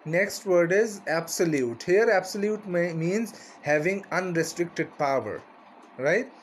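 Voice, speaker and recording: A man's voice: high voice, slow, a little hiss or hum. A man teaching a vocabulary lesson, repeating each word and its meaning and often asking "right?".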